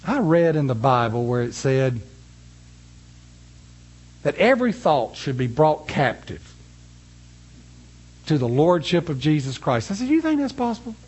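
A man preaching a sermon, reading scripture slowly and emphatically, then telling a folksy story to his congregation. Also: medium pitch, animated, darkish tone, breathy edge.

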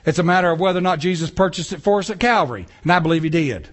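A man preaching a sermon in church, animated, with casual asides and rhetorical questions to the congregation. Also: sits high, racing. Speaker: pastor. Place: church sanctuary.

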